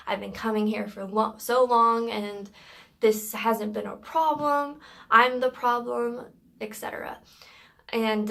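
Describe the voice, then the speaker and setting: A woman vlogger recounts a story from work in a casual, matter-of-fact way. Her voice has a gravelly vocal fry and stays quite flat in pitch. She keeps pausing on fillers as she goes.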